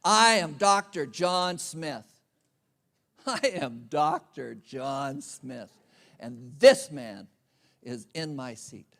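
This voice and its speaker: A man's voice: medium pitch, expressive, drawn-out words, vocal fry, fairly bright tone, exaggerated voice. A man voicing a pompous, self-important doctor who demands his seat. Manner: puffed-up, demanding.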